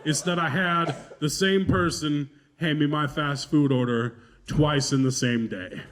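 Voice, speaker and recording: A man's voice: a little high, measured pace, a bit bright, a little hiss or hum. A male stand-up comedian telling stories in a loose, profane, self-mocking way, laughing through his lines.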